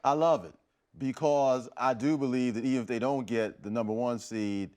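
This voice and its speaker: A man speaking on a studio sports panel in a mid-range voice. He builds his points in a calm, measured way, like a seasoned writer. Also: medium pitch. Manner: measured, steady reasoning. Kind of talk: casual panel chat.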